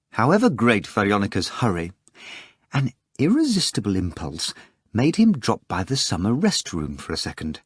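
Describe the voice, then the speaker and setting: A man narrating an audiobook in an expressive, storytelling way on a close studio mic. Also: lowish voice, breathy edge, no room sound.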